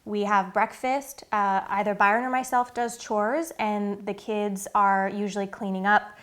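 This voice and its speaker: A woman's voice: medium pitch, fairly even intonation, a little slow, a bit bright. A woman in her thirties talking casually to camera about her family's routine, earnest and chatty with many fillers. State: getting emotional, near tears. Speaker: vlogger and mother.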